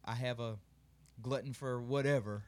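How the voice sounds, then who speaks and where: A man's voice: medium pitch, fairly even intonation, moderate pace. A man co-hosting a casual podcast chat, rambling with many fillers and frequent laughter. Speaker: podcast co-host.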